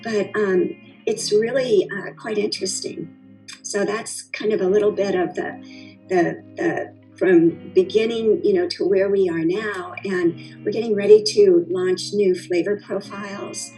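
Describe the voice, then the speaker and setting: A woman's voice: medium pitch, fairly even intonation, unhurried, mellow, soft background music, poor audio. A middle-aged woman telling her story as a guest in an interview, chatty and rambling with many fillers and restarts. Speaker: founder of a cocktail company, interview guest. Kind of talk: conversational interview.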